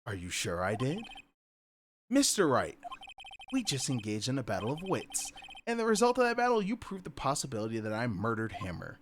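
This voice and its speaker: A man's voice: medium pitch, huge pitch swings, a little fast, slight background noise. A man reading aloud as a cool, smug woman witness in a courtroom game, in a dry, dismissive way.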